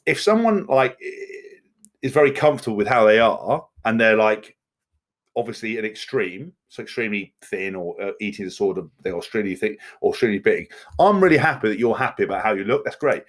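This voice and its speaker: Blunt fast-talking man. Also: on the low side, lively intonation. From England. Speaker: podcast guest, former rugby player. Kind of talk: candid podcast conversation.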